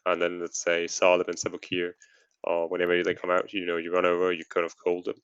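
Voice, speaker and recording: A man leading raid tactics over voice chat, measured and hedging as he thinks aloud. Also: low-pitched, completely flat delivery, fairly bright tone, clear, resonant tone, no room sound, lo-fi sound. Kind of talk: casual voice chat strategy talk.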